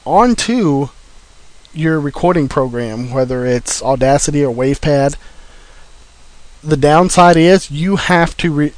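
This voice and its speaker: A man's voice: a little high, darkish tone, no room sound. A man giving informal practical instructions on recording gear, talking plainly with frequent fillers.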